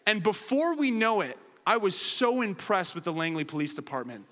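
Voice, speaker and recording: A man's voice: high voice, very animated, moderate pace, fairly bright tone, long reverb tail, slight background noise. A man preaching a sermon and telling a funny story with lots of animation. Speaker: pastor.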